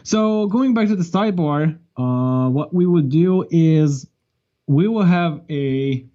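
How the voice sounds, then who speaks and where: A man's voice: on the high side, takes it slowly, mellow, lo-fi sound. A man co-hosting a live coding stream, chiming in casually. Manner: casual, chimes in with reactions. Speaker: co-host.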